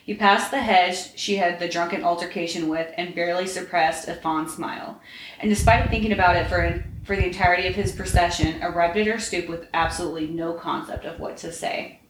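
A woman's voice: lowish voice, fairly even intonation, brisk, slight background noise. A woman podcast host reading fan fiction aloud, storytelling steadily with a few slips and restarts. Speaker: podcast reader. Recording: roomy room echo.

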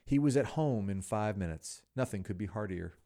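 A man narrating a classic story as a podcast host, expressive with wry asides. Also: on the low side, normal speed.

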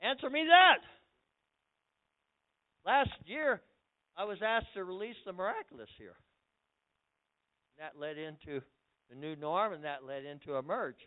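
An older man preaching as a pastor in a church, excitable, with loud bursts and repeated words. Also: a little high, moderate pace, pauses often. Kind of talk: lively church sermon. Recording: phone-like lo-fi recording.

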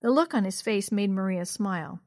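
A woman narrating a children's storybook with a clear, steady read-aloud delivery. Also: medium pitch, moderate pace, dry recording, studio quality.

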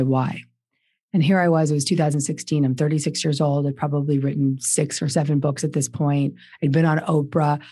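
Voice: mid-range voice, darkish tone, dry recording, clean studio sound. A guest author in their forties tells a personal recovery story in a podcast interview, earnest and emphatic and often repeating words for stress.

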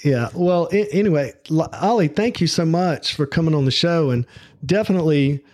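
A man's voice: a little high, normal speed, darkish tone, no room sound, clean studio sound. A man with a Southern US accent hosting a casual podcast interview, chatty and friendly, laughing easily. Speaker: podcast host.

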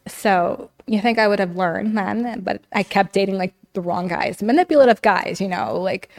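Here a young woman guesting on a podcast talks through her own story frankly and informally, in a mid-range voice with vocal fry at a normal speed. "Like" and "you know" come up often, and she performs the quoted lines.

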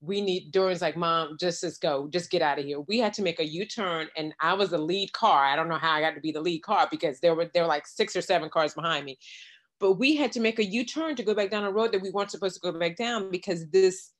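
A middle-aged woman with a lowish voice recounts a story in easy conversation. She acts out the back-and-forth she quotes, and her telling is lively and conversational. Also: fast talker. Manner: animated retelling with quoted exchanges. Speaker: guest. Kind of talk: casual storytelling.

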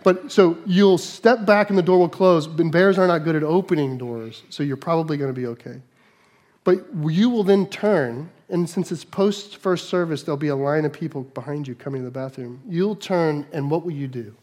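A male pastor preaching a sermon, animated, moving between quiet asides and raised, emphatic lines. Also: a little high, moderate pace.

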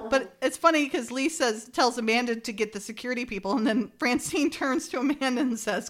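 A woman's voice: a little high, a little fast. A woman hosting a casual podcast, reading lines from a TV script aloud and breaking off to joke and laugh about it. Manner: animated, reads quotes then jokes and laughs between them. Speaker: podcast host.

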